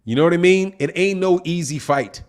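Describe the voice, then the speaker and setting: Hosting a relaxed boxing livestream, a man with a high voice talks a little fast as he reads out chat messages. His speech is slangy and easygoing, with "man" and "dog" coming up often.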